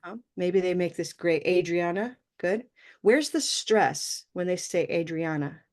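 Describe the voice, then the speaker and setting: A woman's voice: on the low side, measured pace. Encouraging woman teaching pronunciation online. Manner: encouraging, asks "okay?" often. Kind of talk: live online class.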